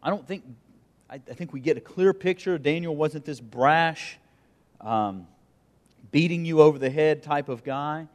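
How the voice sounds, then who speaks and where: A man preaching a sermon and reading scripture aloud, pausing for emphasis and letting his voice dip and swell. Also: fairly high pitch, long reverb tail. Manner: reads scripture aloud, pauses for emphasis, dramatic dips and swells. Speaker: pastor.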